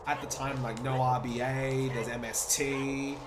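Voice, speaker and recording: A man's voice: mid-range voice, little pitch movement, measured pace, noisy background. A young man streaming a speedrun, chatting casually and upbeat with his viewers between bursts of laughter. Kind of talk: casual chat with viewers while playing. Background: game music.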